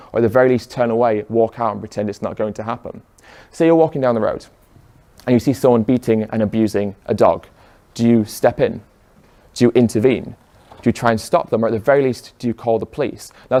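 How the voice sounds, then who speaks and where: An earnest man addresses a live audience in a room, firing off rhetorical questions. His voice sits at an ordinary middle pitch, steady and persuasive. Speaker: speaker.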